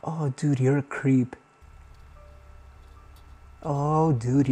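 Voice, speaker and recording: A man talks his viewers through strange videos on an old computer, uneasy and exclaiming as he watches. His voice is husky and mellow, with a breathy edge. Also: mid-range voice, fairly quick. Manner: uneasy, nervous commentary with gasps and exclamations. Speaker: YouTuber. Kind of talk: reacting to found footage on camera. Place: indoors at a computer.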